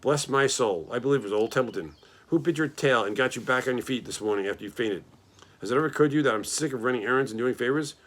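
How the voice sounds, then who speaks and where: A man's voice: mid-range voice, fast, fairly bright tone, natural voice. A man voicing a grumpy, selfish male rat who talks in a mocking, complaining way.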